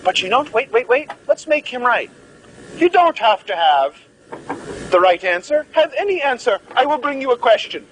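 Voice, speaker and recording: A man's voice: sits high, expressive, normal speed, fairly bright tone, a little hiss or hum, poor audio. A man giving a live medical lecture, joking and theatrical as he quizzes the class.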